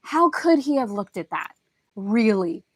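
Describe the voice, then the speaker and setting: A woman's voice: medium pitch, very animated, unhurried, husky, no echo. A middle-aged woman hosting a spiritual lesson talk, telling stories with animation and acting out family voices. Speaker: host.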